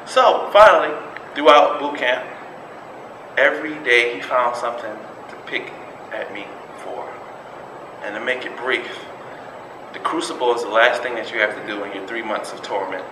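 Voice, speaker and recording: A man, giving a personal storytelling speech in an animated way. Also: mid-range voice, moderate pace. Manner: animated storytelling, acts out quotes. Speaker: public speaking club member. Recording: echoey room with background noise.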